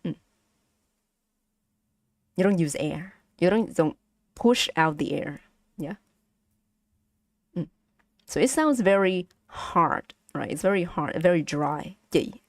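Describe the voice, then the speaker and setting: A woman's voice: fairly low pitch, lively intonation, takes it slowly, long pauses, dry recording, studio quality. A woman with a Vietnamese accent teaching pronunciation on a casual live stream, patiently repeating sounds for her chat.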